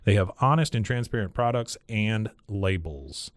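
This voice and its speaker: A man's voice: lowish voice, animated, moderate pace, dry recording, studio quality. A man co-hosting a podcast, reading a sponsor spot in a chatty, conversational way. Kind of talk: casual ad read.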